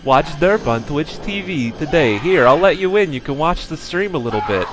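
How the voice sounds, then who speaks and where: A man's voice: on the high side, lively intonation, moderate pace, heavy background noise, voice pushed up, lightly acted. A man voicing a silly, chatty male mascot character, rambling playfully in an improvised comedy bit. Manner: playful, rambling, bits of mock hype.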